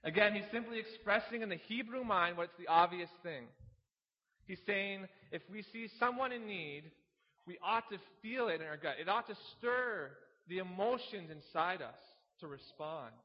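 A man's voice: sits high, animated, moderate pace, long reverb tail, dull audio. A man preaching a sermon, teaching earnestly, reading scripture aloud and posing rhetorical questions.

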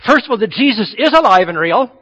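A middle-aged man preaching a sermon as pastor, animated and acting out the voices he quotes. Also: sits high, fast, long reverb tail. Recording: dull lo-fi sound.

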